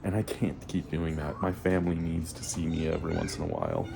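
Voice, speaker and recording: A man venting his frustration in a vlog, ranting and swearing freely and climbing toward near-shouting. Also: extremely low pitch, fairly even intonation, fairly quick, vocal fry, background noise. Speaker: vlogger and store worker.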